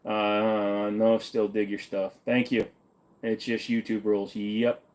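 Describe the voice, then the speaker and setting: A man's voice: fairly low pitch, level tone, slow pace, a little mellow. A man hosting a livestream, reading viewer questions aloud and answering them offhand in casual, jokey chat with the odd swear.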